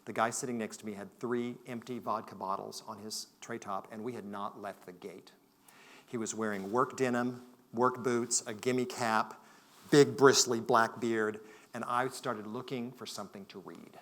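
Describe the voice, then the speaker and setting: A man giving a conference talk, telling a story in a reflective way that moves between loud and hushed. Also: fairly low pitch, fairly even intonation, moderate pace. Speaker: conference speaker. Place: conference hall.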